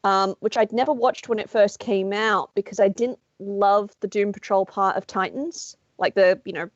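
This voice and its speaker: A woman's voice: mid-range voice, moderate pace, no echo, lo-fi sound. A woman co-hosting a casual podcast chat, talking with enthusiasm and casual swearing. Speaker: podcast co-host.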